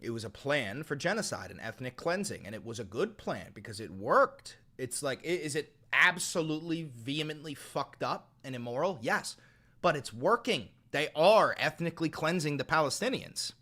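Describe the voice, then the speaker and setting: A man's voice: fairly high pitch, animated, moderate pace, pushed and bright. A man hosting a live political stream, ranting in a heated, profane and mocking way.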